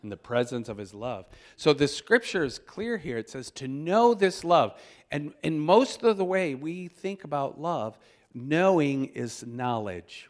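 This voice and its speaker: A man preaching a storytelling sermon, animated and chuckling, who breaks into loud exclamations when he acts out moments. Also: a little high. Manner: animated, shouts out quoted exclamations; chuckles while telling stories.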